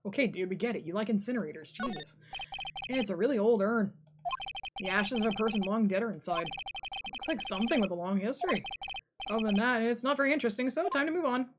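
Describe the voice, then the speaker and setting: A woman's voice: fairly high pitch, fast talker, noisy background. A woman streamer reading game text aloud with playful, sarcastic asides.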